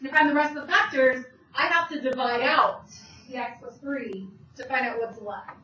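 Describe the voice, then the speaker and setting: A woman math teacher giving a classroom lecture, walking students through the steps with brisk questions. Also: high-pitched, bright, forceful tone. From Italian heritage. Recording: echoey classroom, voice from far off, faint hum.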